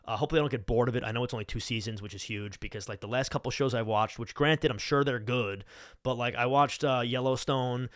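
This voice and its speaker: A man's voice: mid-range voice, fast talker, no echo, clean studio sound. A man in his twenties from Long Island hosting a casual solo podcast, rambling and sardonic with lots of swearing. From Long Island, New York. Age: 20s. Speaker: podcast host. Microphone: studio podcast mic.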